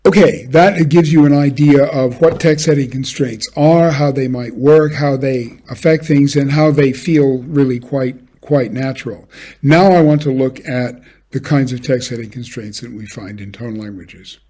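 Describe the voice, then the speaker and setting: A man giving a measured academic lecture, now and then singing short examples. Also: mid-range voice, steady tone, warm tone, husky. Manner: measured, with brief sung examples. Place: home office, recorded for an online lecture.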